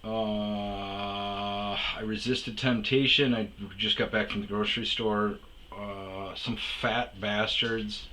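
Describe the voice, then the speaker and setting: A middle-aged man talks slowly in a rather low voice, cursing as he rambles through an exasperated rant. His tone is very bright and tense. Faint noise sits under the recording. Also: fairly even intonation. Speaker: podcast host. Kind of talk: casual rant.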